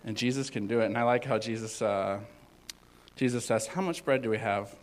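A man giving an informal sermon as a youth pastor, rambling with many fillers and swinging between loud and hushed. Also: on the low side, fairly quick, low-quality recording.

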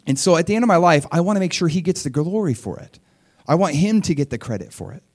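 Animated preaching man in his forties. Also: on the high side, fast talker. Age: 40s. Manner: animated, conversational preaching with sudden loud bursts. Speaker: pastor. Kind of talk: sermon.

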